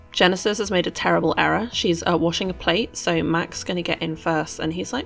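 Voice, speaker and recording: A woman's voice: fairly low pitch, steady tone, brisk, gravelly, few pauses, fairly bright tone, faint music behind. A woman, a host chatting playfully through casual game commentary. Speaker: let's play host.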